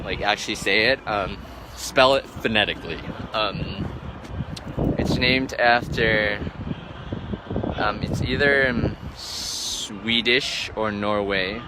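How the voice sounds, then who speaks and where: A man vlogging live outdoors among boats, answering viewer questions in a rambling, casual way full of filler words. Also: lowish voice. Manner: rambling, filler-heavy, lots of "um" and "like". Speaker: travel vlogger. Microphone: phone held for a live stream. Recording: noisy outdoor background.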